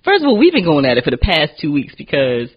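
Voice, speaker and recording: A woman hosting a casual podcast chat, telling animated stories and acting out what people said, often laughing. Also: low-pitched, fast talker, slightly rough, lo-fi sound. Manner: animated storytelling, acts out quotes, laughs often. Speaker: podcast host.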